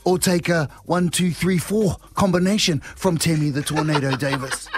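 A man's voice: fairly high pitch, steady tone, normal speed, noisy background. A man co-hosting a breakfast radio show, teasing a guest with jokey banter and laughter. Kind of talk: joking breakfast radio chat.

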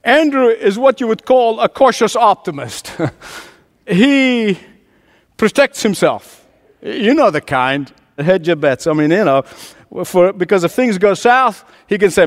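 A man preaching a sermon, swinging between soft, low asides and rising, emphatic climaxes, with chuckles between lines. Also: animated, unhurried, pauses often. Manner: preaching with dramatic swings of pitch and loudness, builds to emphatic climaxes. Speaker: pastor.

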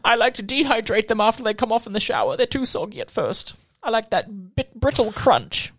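A man's voice: high-pitched, lively intonation, fairly quick, fairly bright tone, heavily acted. A man voicing a fawning male jingle writer who gushes and talks gleefully about gross habits. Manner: gushing, then gleefully gross.

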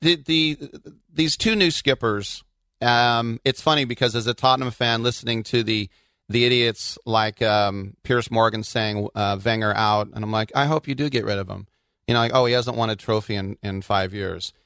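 A man from the Bay Area co-hosting a casual soccer podcast, telling quick anecdotes with lots of asides. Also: mid-range voice, fairly even intonation, fairly bright tone, clean tone, dry recording. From Bay Area, California. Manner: chatty storyteller, quick asides. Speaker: co-host.

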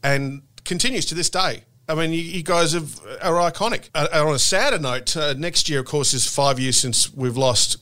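Bright-voiced enthusiastic male interviewer. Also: a little high, normal speed, hardly any pauses. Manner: enthusiastic, effusive fan.

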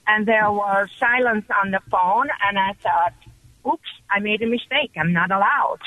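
A woman calling in to a radio show, telling her story with excited, animated energy over the telephone. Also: medium pitch, moderate pace, no room sound. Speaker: caller. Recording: dull phone line.

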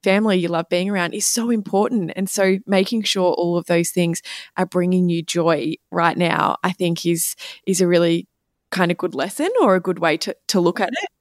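A woman's voice: fairly low pitch, normal speed, dry recording, studio quality. A woman guest speaking in a reflective, easygoing way with many fillers. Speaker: guest nutritionist. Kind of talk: casual conversation.

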